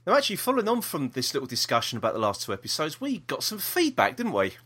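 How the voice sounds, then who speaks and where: A podcast co-host with a South East London accent chats and reads out a listener's email, full of ums and restarts. His husky voice is a little high and fairly bright, with huge pitch swings and a quick pace.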